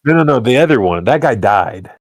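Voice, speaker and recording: A man's voice: medium pitch, expressive, fairly quick, dry recording. A man co-hosting a casual podcast, talking in an easygoing way that trails off and hedges often. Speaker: podcast co-host. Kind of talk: casual chat.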